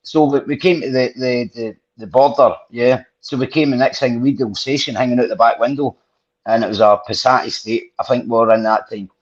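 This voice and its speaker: A man's voice: mid-range voice, fairly even intonation, fairly quick. A man hosting a podcast, telling rambling, sweary stories with plenty of restarts. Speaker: podcast host. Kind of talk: casual storytelling chat. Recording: dull lo-fi podcast audio.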